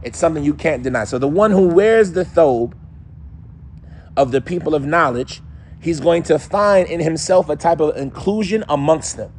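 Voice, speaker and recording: A man giving a casual, animated religious lesson, now and then mimicking other people's voices and accents. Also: fairly high pitch. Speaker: Islamic teacher.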